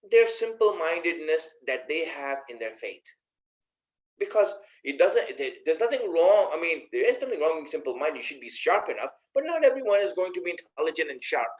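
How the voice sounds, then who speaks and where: An Islamic preacher with a fairly high-pitched voice delivers a conversational sermon, addressing listeners directly and asking them rhetorical questions. The audio sounds dull.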